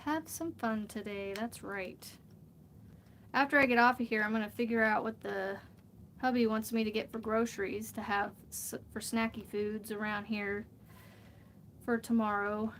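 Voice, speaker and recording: A woman talks casually and rambles on a crafting vlog, laughing often as she goes. Her voice sits a little high. A faint hiss runs under the recording. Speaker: crochet vlogger. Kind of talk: casual livestream chat while crafting.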